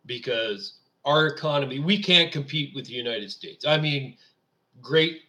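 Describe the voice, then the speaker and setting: A man's voice: medium pitch, measured pace, sharp tone. A man hosting his own show, from Canada, giving an indignant, sarcastic political rant. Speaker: radio show host. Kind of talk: political commentary monologue.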